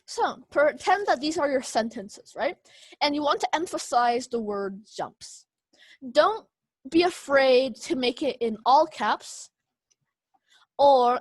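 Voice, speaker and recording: A woman instructing a speech class over a video call, explaining slowly with many fillers and restarts. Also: high voice, no room sound.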